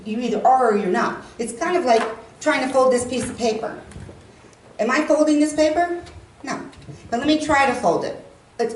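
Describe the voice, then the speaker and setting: A woman delivers a talk on stage in a large hall. She is heard from some distance, with roomy reverb and a faint hum of ambience behind her. She tells her points like stories and acts out the quoted lines with emphasis. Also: a little high. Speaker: speaker. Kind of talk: public talk.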